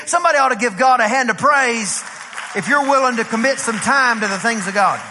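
A man's voice: extremely high pitch, moderate pace. A man from East Texas with an East Texas accent, a pastor preaching a storytelling sermon and acting out the dialogue. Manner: animated, acts out dialogue in the story. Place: church sanctuary. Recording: reverberant church hall.

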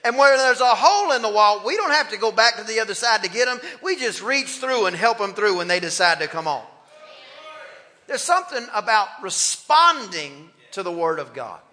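A man's voice: high-pitched, sing-song, normal speed, bright, forceful tone. A man preaching a sermon as pastor, impassioned and calling on the congregation to respond. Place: church sanctuary. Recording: long hall reverb in a church.

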